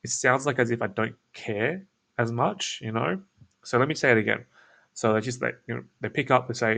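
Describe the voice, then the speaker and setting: This show host, who runs an SEO business, speaks briskly with vocal fry in a medium-pitched, fairly bright voice. He casually explains a sales script while sharing his screen, restarting often and leaning on fillers.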